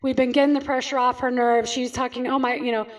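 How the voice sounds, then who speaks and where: A woman's voice: high voice, flat delivery, fast talker, far from the mic. A woman chiropractor giving a storytelling talk to an audience, often asking questions and answering them herself and checking in with "right?". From California.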